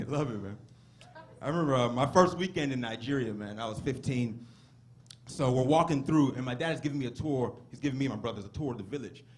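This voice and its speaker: A young man telling stories in a stand-up comedy set on a club stage, animated and given to drawn-out exclamations. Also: medium pitch, slight background noise.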